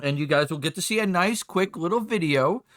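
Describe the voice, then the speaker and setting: A man's voice: sits high, lively intonation, brisk, fairly bright tone. A man, a game master and streamer, chatting casually and rambling as he sets up the session. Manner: rambling, chatty, self-interrupting.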